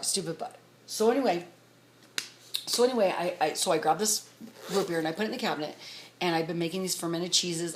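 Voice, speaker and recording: A middle-aged woman telling a rambling story to her vlog audience, talking fast and excitedly. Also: on the low side, a little hiss or hum. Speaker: vlogger. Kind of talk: casual storytelling to camera.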